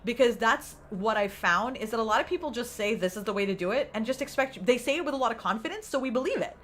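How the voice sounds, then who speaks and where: A woman's voice: on the high side, animated, fast talker, fairly bright tone, slight background noise. A woman hosting a casual live stream, chatting with viewers, laughing often and acting out her own inner voice. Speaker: livestream host.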